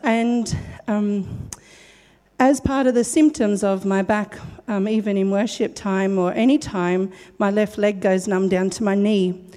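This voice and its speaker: A woman giving a joyful, giggly testimony in church and telling her story with animated energy. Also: medium pitch, measured pace. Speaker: church member sharing a testimony. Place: church hall. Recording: long reverb of a hall.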